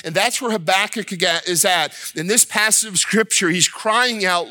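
A man's voice: high voice, normal speed, few pauses, sharp tone, no room sound. A man preaching a sermon as a pastor, impassioned, repeating himself and rising to pleading cries. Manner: repeats words and restarts when worked up.

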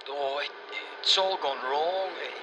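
A man's voice: a little high, unhurried, lo-fi sound, noisy background. A man doing a lost, stammering old man. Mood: bewildered. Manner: stammering, bewildered, groaning.

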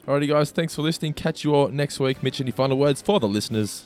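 Man, podcast host; brisk and upbeat, rapid delivery, mid-pitched. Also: a little mellow, soft background music. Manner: brisk, upbeat, laughs along. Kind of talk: casual podcast chat.

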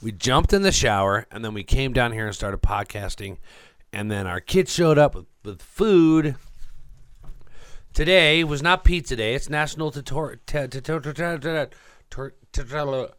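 A man's voice: medium pitch, lively intonation, normal speed, a bit bright, clean tone, no echo, clean studio sound. A man co-hosting a home podcast, chatting casually and playfully. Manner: playful, rambling. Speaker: podcast co-host. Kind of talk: casual chat.

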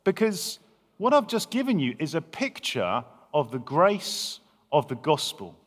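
Lively preacher in a reverberant hall. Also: male voice, a little high, measured pace. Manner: lively, conversational preaching with frequent restarts. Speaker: pastor. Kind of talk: sermon.

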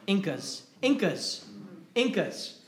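A man preaching a sermon to his church, growing loud and impassioned when he drives a point home. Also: high voice, sing-song, slow, roomy sound. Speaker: pastor. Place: church sanctuary.

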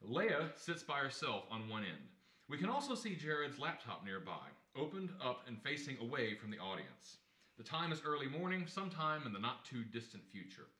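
Man narrating stage directions, lively, bright, jokey asides, roomy echo. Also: medium pitch, normal speed. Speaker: organizer and stage-direction reader. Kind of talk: play reading narration.

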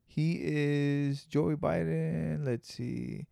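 A young man hosting a podcast in casual, profane, excitable chat, riffing loudly on what he sees. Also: fairly high pitch, very slow, gravelly, no room sound, studio quality. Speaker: podcast host.

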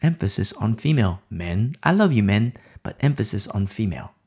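A man's voice: lowish voice, sing-song, brisk, a little mellow, husky. A man preaching a Bible sermon, emphatic and repeating key phrases for emphasis.

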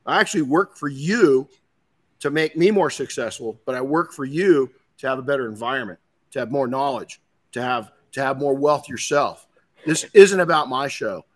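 A man's voice: mid-range voice, animated, moderate pace. A middle-aged man hosting a podcast, telling stories in a blunt, casual way, swearing and restarting his sentences often. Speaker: podcast host. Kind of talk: casual motivational talk.

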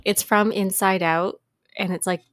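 A woman's voice: medium pitch, fairly even intonation, measured pace, no room sound. Chatty, emotional woman podcast co-host. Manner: chatty and emotional, laughs often. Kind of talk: casual podcast chat.

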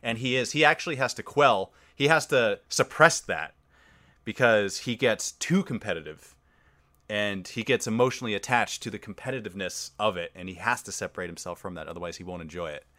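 Low-voiced male podcast host. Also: fairly quick, no room sound. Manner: warmly rambling, with frequent fillers and restarts. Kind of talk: casual podcast conversation.

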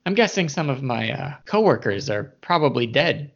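A man's voice: medium pitch, sing-song. A man voicing a scheming male goblin underling who wheedles and plots, with many fillers and halts. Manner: wheedling, plotting, halting with fillers. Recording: dull lo-fi audio.

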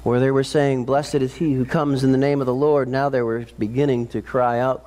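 A man preaching a sermon, retelling a story with dramatic intensity, climbing high and loud at peaks and dropping low and slow for solemn moments. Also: little pitch movement. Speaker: pastor.

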